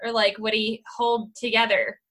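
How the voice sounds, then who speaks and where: A woman's voice: a little high, flat delivery, normal speed, a bit bright. A woman co-hosting a podcast, chatting casually with lots of "like" and giggles. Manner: chatty, filler-heavy, giggly. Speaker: podcast co-host. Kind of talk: casual chat.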